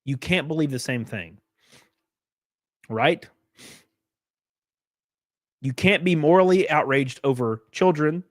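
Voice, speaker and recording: A man's voice: mid-range voice, no room sound, studio quality. A young man hosting a livestream, commenting casually, swearing freely, laughing often and thanking donors by name. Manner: animated, profane, laughs often. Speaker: livestream host.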